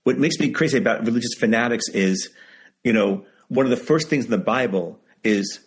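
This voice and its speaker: A man being interviewed over a video call, telling stories in an animated, emphatic way and repeating phrases for effect. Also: mid-range voice, a little fast. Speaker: memoir author guest. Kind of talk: casual interview storytelling.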